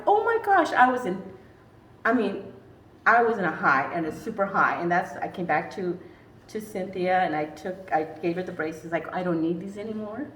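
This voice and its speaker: An older woman from Arizona giving an emotional personal testimony, earnest and tearful, laughing between lines. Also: mid-range voice. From Arizona, USA. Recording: roomy echo from a distant mic, faint noise.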